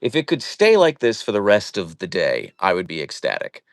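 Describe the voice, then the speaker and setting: Young man, casual live stream host, jokey and animated, low-pitched. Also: moderate pace, no room sound, clean studio sound. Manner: playful, jokey, greeting viewers by name. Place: at home, indoors.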